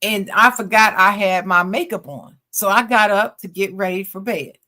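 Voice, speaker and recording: Lady co-host reading a fan letter out loud, bright voice, lots of feeling, jumps in with her own quick asides. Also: medium pitch. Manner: expressive reading, breaks off for slangy reactions. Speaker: podcast co-host. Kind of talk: reading a listener letter aloud with casual asides.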